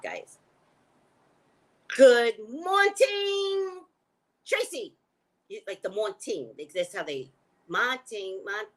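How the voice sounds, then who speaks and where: Woman, livestream host, casual chat, lively pitch, talks back to commenters. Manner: animated, chatty, talks back to viewer comments. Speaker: livestream host and psychic reader.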